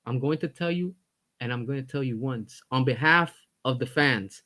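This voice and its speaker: Here a commentary host delivers a heated opinion rant in a pushed, bright voice of medium pitch at a moderate pace. He's blunt and fed up, cursing and saying things over again to drive his point home.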